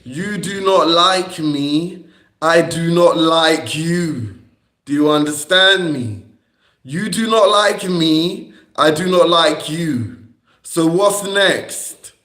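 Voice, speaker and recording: Speaking slowly in a slightly high, fairly bright voice, a young man livestreams from an echoey indoor room. He rambles and gets confrontational, going over the same points and cursing at his critics.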